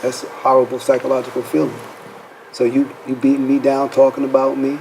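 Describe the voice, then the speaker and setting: A man's voice: medium pitch, monotone, fairly quick, gravelly, a little mellow, a little hiss or hum, low-quality recording. A man hosting a faith-based counseling talk show, asking rhetorical questions and checking in with "right?" as he speaks. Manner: preacherly, rhetorical questions, says "right?" often.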